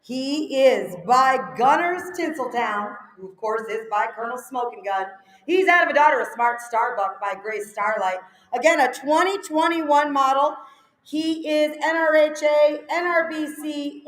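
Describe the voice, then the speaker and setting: A woman at a horse sale reads out each horse's breeding and training in a slow, measured announcer's voice. Her pitch sits high. The sound has the roomy echo of a large arena. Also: fairly bright tone. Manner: measured, slow, informative delivery. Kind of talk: reading horse pedigree announcements.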